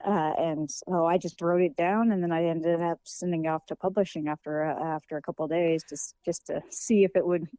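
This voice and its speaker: A woman's voice: fairly low pitch, fairly even intonation, a little fast, hardly any pauses, warm tone, no echo, poor audio. A young woman, a children's author, answering interview questions in a casual, hesitant way with many fillers and restarts. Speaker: guest author.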